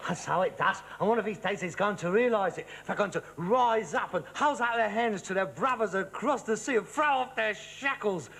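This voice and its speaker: A man's voice: high-pitched, normal speed, vocal fry, few pauses, a bit bright, full character voice. An actor playing an exasperated, pompous socialist son, ranting and stumbling over his words. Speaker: sitcom actor. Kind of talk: studio sitcom acting. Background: studio audience laughter.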